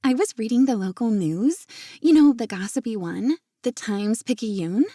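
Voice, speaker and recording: A woman voicing an excitable, gossipy young woman friend who teases and chatters in a lifted voice. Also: moderate pace, dry recording, clean studio sound. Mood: teasing. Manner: teasing, bubbly, raised pitch.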